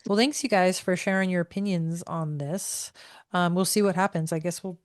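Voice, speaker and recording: A woman hosting a casual group podcast, chatty and relaxed, sometimes trailing off mid-thought. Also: on the low side, moderate pace, no room sound, clean studio sound. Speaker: podcast host.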